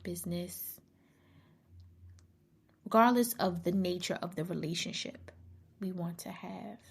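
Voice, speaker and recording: Woman podcast host, husky rasp, emphatic heart-to-heart talk that repeats itself for weight, slips into hushed asides. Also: lowish voice. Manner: emphatic, repeats key phrases, dips into near-whispers. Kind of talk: casual motivational monologue.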